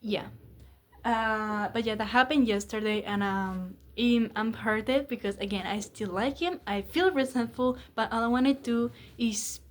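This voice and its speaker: Young woman, slightly high voice, candid rambling vlog talk with casual swearing. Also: measured pace. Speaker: vlogger.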